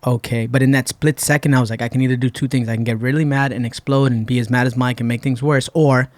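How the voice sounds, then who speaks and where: A Puerto Rican man, guesting on a podcast, tells a long, casual story in a mid-range voice at a quick pace, relaxed as he acts out what people said. The studio recording has no echo.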